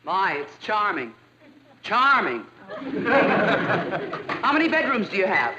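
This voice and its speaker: A woman's voice: mid-range voice, big pitch swings, slow pace, echoey room, lo-fi sound, a loud crowd, heavy background noise. An actress playing a snobbish, fussy lady house-hunting in a 1960s sitcom, talking in a condescending, affected manner. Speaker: prospective tenant.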